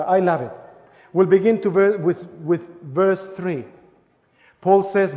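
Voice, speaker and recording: A man preaching a sermon as pastor in a large church, swinging from loud emphatic declarations to soft, hushed asides. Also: high-pitched. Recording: echoey church hall, slightly dull sound. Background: long reverb of the hall.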